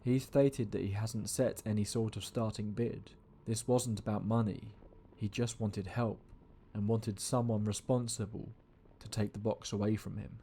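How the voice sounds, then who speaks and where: A man giving a scripted horror story narration, measured and slowing down for suspense, with faint music behind him. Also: fairly low pitch, fairly even intonation, warm tone, a little hiss or hum.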